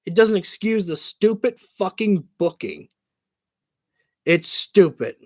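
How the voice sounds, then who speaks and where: A man's voice: sits high, darkish tone, dry recording, studio quality. A man hosting a livestream, reacting to a wrestling broadcast in an angry, profane rant. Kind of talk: live reaction commentary.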